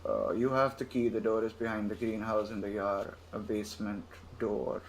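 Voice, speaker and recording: A man's voice: on the low side, expressive, moderate pace, slight background noise. Laid-back, swearing young man playing a game. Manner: laid-back, profane, thinking aloud. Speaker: gamer playing through a game. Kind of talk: casual let's-play commentary.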